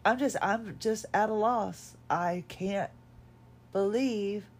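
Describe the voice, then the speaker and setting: Slow, halting tired woman. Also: medium pitch. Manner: halting, many restarts, emotional. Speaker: podcast host. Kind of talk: reflective personal monologue. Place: at home.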